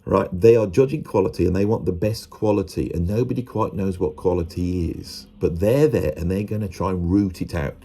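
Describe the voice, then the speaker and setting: An Englishman talking to camera in a rambling, self-mocking monologue, often slipping into quick put-on voices. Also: low voice, warm tone, husky.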